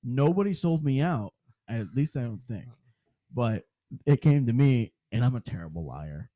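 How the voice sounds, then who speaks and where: Young dude from michigan cracking crude jokes, bouncy pitch, dry mic. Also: male voice, expressive, moderate pace, dark tone, dry recording. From Flint, Michigan. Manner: joking, crude, laughs often. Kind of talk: casual chat.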